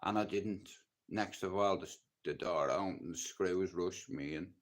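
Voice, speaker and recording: Speaking with a Dublin Irish accent, a man recounts his own rough life story to a livestream audience in a blunt, intense manner. He's casual and swears freely, his low-pitched voice moving a little slowly.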